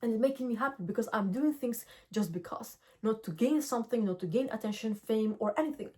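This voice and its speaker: A woman's voice: fairly high pitch, a little fast. A young adult woman vlogging straight to camera, giving earnest, direct self-help talk and telling everyday stories with energy. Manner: earnest, direct, lively storytelling. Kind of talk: casual motivational talk to camera.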